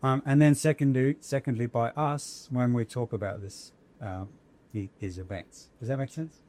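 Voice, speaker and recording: A man's voice: mid-range voice, normal speed, mellow. A man, an academic guest, explaining ideas in conversation, thoughtful and searching for words with frequent restarts.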